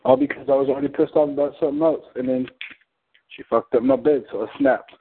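A man's voice: medium pitch, very animated, a little fast, vocal fry, slight background noise. A man on a community call, telling a story in a blunt, heated, profane way. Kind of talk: casual storytelling. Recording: phone-like call audio.

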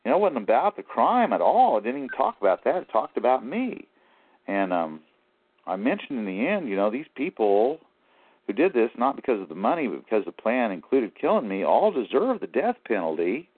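A man's voice: mid-range voice, sing-song, brisk, slight background noise. A man as an interview guest, telling his story in a rambling, aggrieved way. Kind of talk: phone-in interview. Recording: tinny phone line.

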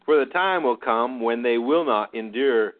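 A man reading scripture aloud in a church service, declaiming it loudly. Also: medium pitch, lively intonation, measured pace. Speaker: scripture reader. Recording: phone-like narrow band.

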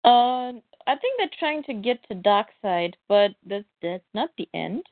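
A woman co-host who talks slowly and hesitantly, thinking aloud as she goes. The sound is thin and phone-like, with a dry, close feel. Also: mid-range voice, sing-song, no room sound. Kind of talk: casual chat about a comic. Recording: tinny phone-like line, dry.

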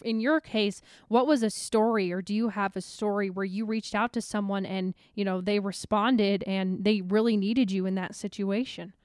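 A woman's voice: mid-range voice, smooth, no echo, clean studio sound. Friendly woman hosting an interview. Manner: friendly, laughs often, many fillers. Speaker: interview host. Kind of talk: casual interview chat.

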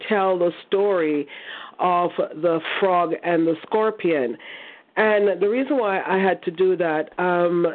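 A woman calling in to share a story, chatty, with many pauses and restarts. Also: lowish voice. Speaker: caller. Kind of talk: casual phone testimony. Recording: tinny phone line.

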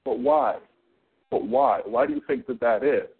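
A man's voice: medium pitch, normal speed, husky. A man joining a bible study discussion, giving brief agreeing and probing replies. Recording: tinny phone line.

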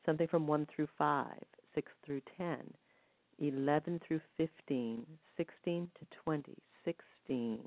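A woman leading a guided healing session, gently counting rhythms aloud. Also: sits low, measured pace, dry recording. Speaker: energy healing practitioner. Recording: dry, tinny phone-like line.

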